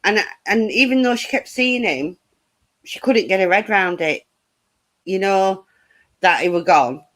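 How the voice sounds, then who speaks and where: A woman's voice: mid-range voice, lively intonation, measured pace, a bit bright. Woman, middle-aged, blunt and chatty, laughs a lot. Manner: blunt, laughs through her stories. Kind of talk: casual chat, storytelling.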